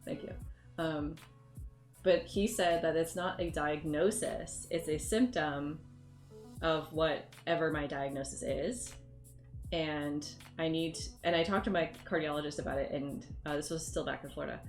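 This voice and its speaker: Lowish-voiced woman streamer just chatting, laughs a lot, roomy room with faint music behind. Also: a little slow. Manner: rambling, laughs often, animated storytelling. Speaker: livestreamer. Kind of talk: casual chat with viewers.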